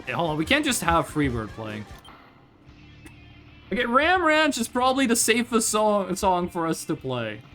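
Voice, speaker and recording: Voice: mid-range voice, wildly swooping pitch, moderate pace, a bit bright, soft background music. A streamer chatting casually and rambling over gameplay, swearing freely and jumping between topics.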